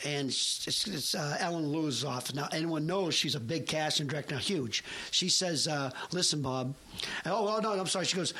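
A man's voice: on the high side, sharp tone, breathy edge. A middle-aged man telling a comedic story with lots of swearing, acting out the other people's voices as he goes. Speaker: guest actor telling a story.

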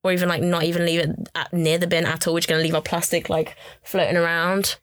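A woman's voice: on the low side, fast talker, no room sound, clean studio sound. A nineteen-year-old woman from Birmingham with a Birmingham accent, chatting casually as a podcast co-host, rambling with lots of "like". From Birmingham, England. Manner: rambling, lots of "like", animated ranting. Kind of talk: casual chat.

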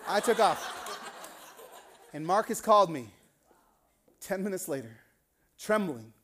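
A middle-aged male pastor preaching a sermon, telling a story and acting out the people in it with lively voices. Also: high-pitched, a little slow. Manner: animated, acts out the people in his stories.

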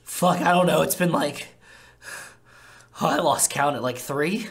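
A man's voice: on the high side, measured pace, vocal fry, fairly bright tone, voice pushed up. A man voicing a grimy, panicked male vampire who swears constantly and whines in a raised voice. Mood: whiny. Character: grimy frantic male vampire lost underground.

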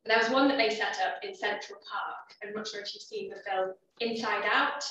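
A woman's voice: medium pitch, normal speed, sharp tone, slight background noise. A woman giving a conversational teaching talk as a biblical counsellor at a church evening. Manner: chatty, conversational, with asides and fillers. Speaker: biblical counsellor, guest speaker. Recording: echoey hall, far from the mic, dull sound.

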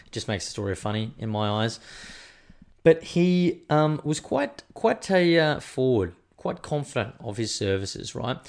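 A man with an Australian accent telling a casual, animated story, swearing freely and acting out the people he quotes. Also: lowish voice.

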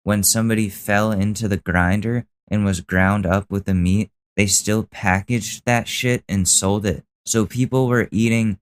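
Young podcast guy ranting about a clip, sarcastic, kinda low voice. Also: steady tone, a little slow, hardly any pauses. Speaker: podcast host. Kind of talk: casual commentary.

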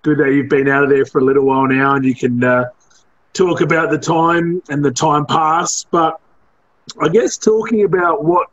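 A man, a podcast host who speaks in a halting, easygoing way while he moves the interview on. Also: fairly high pitch, fairly bright tone. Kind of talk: casual interview chat. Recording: dull lo-fi sound.

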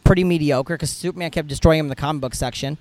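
A man, a comedian appearing as a podcast guest, telling profane, animated stories in casual chat. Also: a little high, very fast, no room sound. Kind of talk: casual storytelling.

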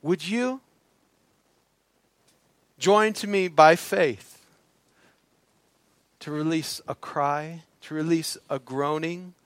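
A man with a high voice delivers a sermon through an emotional personal story, often sinking into soft, hushed tones to press a point home. The sound is close and dry, with no room echo. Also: drawn-out words, pauses often. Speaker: preacher.

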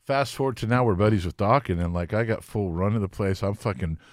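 Guest, 50s man: low, profane, relaxed storyteller, dry recording. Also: quick pace, no echo. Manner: profane, laid-back storyteller. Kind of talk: casual storytelling chat.

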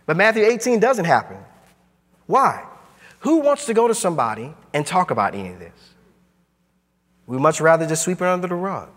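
A man preaching a sermon as pastor, emphatic and driving, his voice swinging high and low. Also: very animated, moderate pace, long pauses, a bit bright, big-room sound. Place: church sanctuary.

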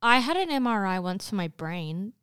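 Woman chiming in w short replies, clear voice, dry close sound. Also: medium pitch, big pitch swings, moderate pace, fairly bright tone, no room sound. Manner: brief reactions and quips. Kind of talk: casual chat, listener reacting.

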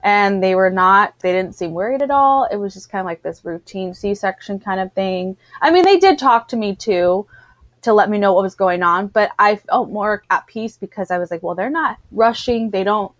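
A woman's voice: mid-range voice, moderate pace, no room sound. Chatty woman telling a story, dry sound. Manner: chatty, animated storytelling with acted-out quotes. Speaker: guest telling her birth story. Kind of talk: casual chat.

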